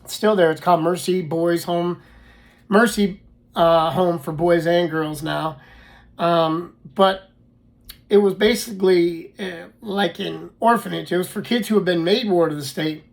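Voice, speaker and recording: A man casually telling his own life story, halting often with fillers and restarts. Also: high voice, creaky.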